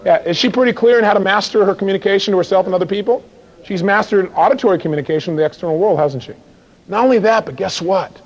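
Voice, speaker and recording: A man giving a live motivational seminar who acts out little dialogues and fires rhetorical questions at the audience. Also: on the high side. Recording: dull lo-fi recording.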